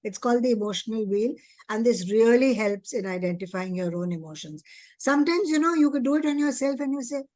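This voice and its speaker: A woman's voice: a little high, expressive, a little fast, darkish tone, dry recording. A woman, giving an earnest teacher training talk and asking many rhetorical questions. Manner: earnest, asks rhetorical questions, acts out child and teacher voices. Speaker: early childhood education trainer.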